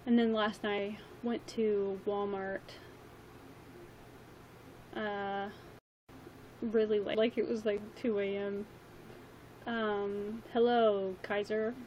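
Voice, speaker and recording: A woman's voice: medium pitch, little pitch movement, slow pace, lo-fi sound, a little hiss or hum. A young woman chatting casually on a livestream, rambling with lots of ums and likes, her voice a little worn. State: slightly losing her voice.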